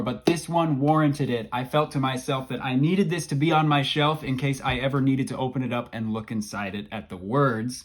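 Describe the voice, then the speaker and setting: A man casually reviewing the books he read, joking and gushing with over-the-top enthusiasm. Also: mid-range voice. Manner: enthusiastic, jokey, hyperbolic. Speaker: book vlogger. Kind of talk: casual book review vlog.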